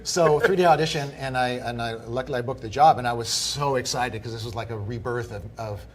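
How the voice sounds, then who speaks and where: A man's voice: medium pitch, brisk, a little hiss or hum. A man in his fifties, a guest telling long stories in casual podcast conversation and acting out what people said. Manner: animated storyteller acting out quoted people.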